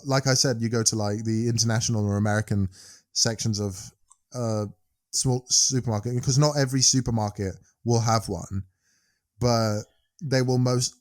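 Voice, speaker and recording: A man's voice: mid-range voice, normal speed, no room sound, clean studio sound. Chatty British man on a podcast. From United Kingdom. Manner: chatty, rambling, trailing off. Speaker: podcast co-host. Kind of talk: casual chat.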